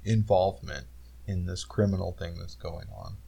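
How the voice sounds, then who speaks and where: A man co-hosting a casual film discussion, relaxed and explaining phrases, often laughing. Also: low-pitched, normal speed, creaky, husky. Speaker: podcast co-host.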